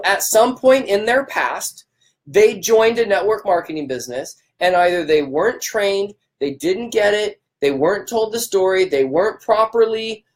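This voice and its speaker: A man hosting a live stream, fired up and emphatic. He repeats himself for emphasis and greets viewers by name. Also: sits high. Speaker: livestream host.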